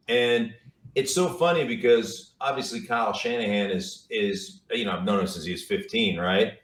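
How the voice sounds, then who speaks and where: A man's voice: medium pitch, animated, normal speed, a bit bright. A middle-aged man, a football analyst and guest, telling stories in casual chat, rambling with repeated words and fillers. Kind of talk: casual storytelling interview. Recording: roomy, distant mic.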